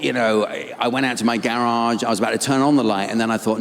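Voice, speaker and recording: A man with an English accent doing live stand-up comedy in a deadpan, sardonic manner on a stage mic. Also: mid-range voice, brisk, few pauses. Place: theater stage. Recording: reverberant live venue, audience noise.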